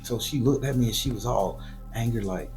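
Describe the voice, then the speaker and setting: A man from southern Florida hosting his channel, telling a graphic, profane story in loose, slangy, animated monologue. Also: mid-range voice, a little fast, soft background music. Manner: profane, slangy and animated, voice jumping up for quoted lines. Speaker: storyteller host.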